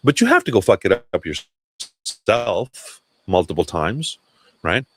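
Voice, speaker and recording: A man's voice: lowish voice, wildly swooping pitch, slow pace. A man hosting a casual livestream chat, talking loosely with swearing and restarts. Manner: loose, profane, self-interrupting. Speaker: livestream host.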